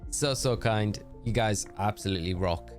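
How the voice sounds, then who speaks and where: Soft music plays behind a man with a lowish voice speaking at normal speed. He's a gaming streamer, chatting casually while he plays; his voice is tired, yet he's cheerful and talkative, calling out viewers by name to thank them.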